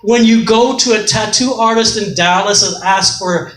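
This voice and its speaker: A man's voice: high voice, moderate pace. Self-mocking middle-aged man doing stand-up. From Canada. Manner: rambling, self-mocking, profane. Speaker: stand-up comedian. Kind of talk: stand-up comedy set. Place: comedy club stage. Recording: echoey club, mic far off, faint noise.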